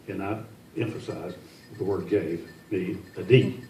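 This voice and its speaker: A man's voice: low-pitched, fairly even intonation, measured pace, background noise. An older man from Tennessee, telling folksy, joking stories as a guest speaker. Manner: folksy, joking, self-deprecating. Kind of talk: after-dinner storytelling speech. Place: large indoor function room. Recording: echoey hall from a distance.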